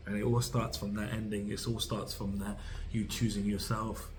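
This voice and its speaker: A man's voice: fairly low pitch, level tone, normal speed, a little mellow, slight background noise, low-quality recording. A man giving a tarot reading to camera, rambling and reassuring, speaking straight to the listener with many fillers and restarts. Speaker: tarot reader.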